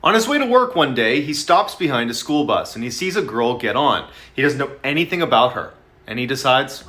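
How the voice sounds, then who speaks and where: A man's voice: mid-range voice, big pitch swings, a little fast, bright, forceful tone. A man giving a scripted narration with a dramatic, punchy delivery.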